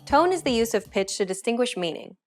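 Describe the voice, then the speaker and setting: A woman giving a scripted pronunciation lesson, explaining sounds in a clear, measured way. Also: a little high, big pitch swings, faint music behind. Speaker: pronunciation teacher.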